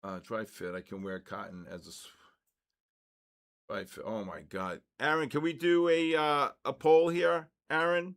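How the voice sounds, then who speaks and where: An older man hosts a casual trading livestream, chatting loosely and breaking into excited shouts when the markets move. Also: medium pitch, a little slow.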